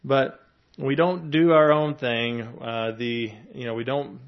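A man delivering a sermon in a loose, conversational way, moving between scripture readings and casual asides. His voice sits at a middle pitch, and the recording sounds a little dull. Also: steady tone, slow pace, creaky. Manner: conversational preaching, with chuckles and fillers. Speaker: pastor.

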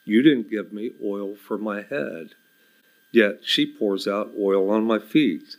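A man's voice: on the low side, slow pace. A man preaching a sermon to his congregation, emphatic and repeating his key questions.

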